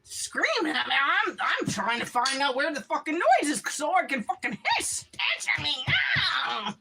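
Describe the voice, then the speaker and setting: A woman yelling in a heated argument, her voice very high and sharp, swinging wildly up and down. She repeats herself and swears constantly, and at times she sounds on the edge of tears. Her delivery is slow and drawn out. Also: very animated. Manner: shouting angrily, repeating herself, heavy swearing.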